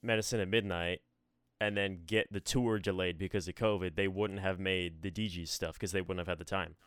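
A young adult man co-hosting a podcast in casual chat, animated and joking, swearing now and then. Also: deep voice, a little fast, clear, resonant tone, no echo. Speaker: podcast co-host.

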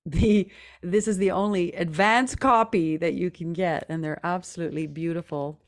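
Low-voiced woman guest, earnest. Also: steady tone, moderate pace. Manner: earnest, reflective, laughs often. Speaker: podcast guest, singer. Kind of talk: casual interview talk.

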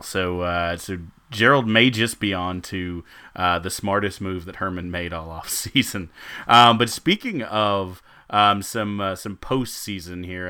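A man's voice: deep voice, sharp tone. A man co-hosting a sports podcast, rambling and joking in casual chat and laughing often. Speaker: podcast co-host.

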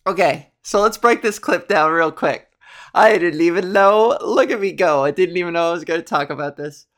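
A woman's voice: lowish voice, normal speed. A woman hosting a solo podcast, chatting casually in a rambling, jokey way, full of ums and self-corrections. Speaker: podcast host.

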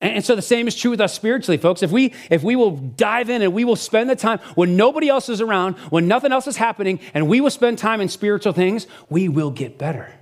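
A middle-aged man preaching a sermon as pastor, telling stories in a lively conversational way with frequent restarts. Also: high voice, fast talker, hardly any pauses.

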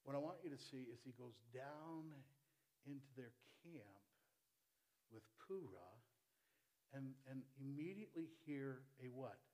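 A man pastor preaching a sermon, animated and playful, swinging between loud bursts and hushed asides. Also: mid-range voice, measured pace, long pauses. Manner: playful, jokes with the congregation.

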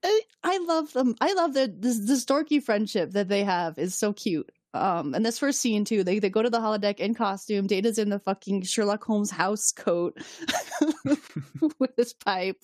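A woman's voice: mid-range voice, expressive, moderate pace, a little mellow, no echo, clean studio sound. A woman co-hosting a podcast in casual, chatty talk, often laughing and swearing as she recaps. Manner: chatty, giggly, fillers and swearing. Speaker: podcast co-host recapping a TV episode. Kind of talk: casual chat.

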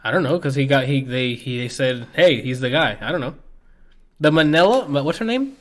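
Rambling guy co-host, casual, stumbles over words, mid pitch. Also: expressive, a little fast, a bit bright. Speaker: podcast co-host. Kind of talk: casual chat.

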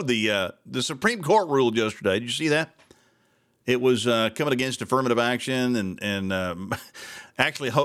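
A man's voice: medium pitch, a bit bright. Ranting radio host man. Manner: ranting, exasperated, sarcastic. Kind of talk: casual talk radio monologue.

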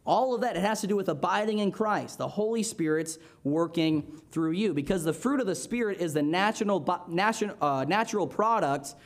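A man's voice: high voice, lively intonation, normal speed, few pauses. A young man preaching a casual, conversational sermon, often checking in with the listeners with "amen?" and "right?". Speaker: Sunday school teacher preaching.

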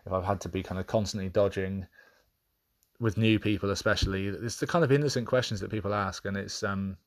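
A man with a deep, low voice speaks on his own podcast. He is candid and reflective, often pausing and restarting mid-thought as he works out what he means. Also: fairly even intonation. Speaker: podcast host. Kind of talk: reflective personal monologue.

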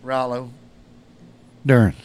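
A middle-aged man, telling profane, animated stories on a casual podcast and getting loud when quoting people. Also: medium pitch, takes it slowly. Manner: profane, animated, swings loud for quoted lines. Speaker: storyteller guest.

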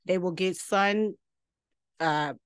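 A woman's voice: fairly low pitch, takes it slowly, clear, resonant tone, dry recording, clean studio sound. A woman teaching a scripture lesson in a chatty, colloquial way, reading passages and breaking off into asides. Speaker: Bible teacher.

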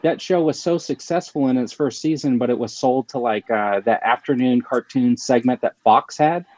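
A man's voice: mid-range voice, normal speed, darkish tone, no echo. A man hosting a casual chat, rambling with many fillers and restarts. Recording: slightly dull lo-fi sound.

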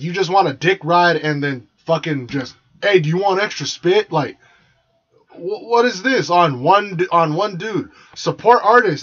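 A man's voice: sits high, fairly bright tone, breathy edge. A young man from San Jose ranting bluntly and crudely on a podcast, swearing constantly and sounding exasperated. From San Jose, California. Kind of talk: profane ranting monologue. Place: small room with the door partly closed. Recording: dull lo-fi sound.

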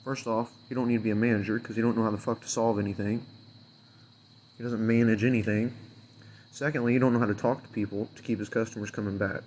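A man's voice: on the low side, flat delivery, fast talker, a little mellow, slight background noise. A man venting as an unhappy customer in a fuming, sarcastic rant full of swearing that rambles loosely from point to point. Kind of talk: angry profane rant to camera.

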